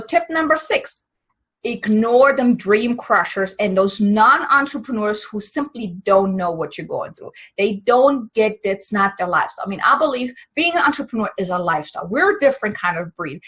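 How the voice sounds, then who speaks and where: A woman with a slightly husky, fairly high voice, talking straight to her viewers as a business coach. Her delivery is earnest and emphatic, pressing each tip home with encouragement. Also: a bit bright. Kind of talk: motivational advice talk to camera.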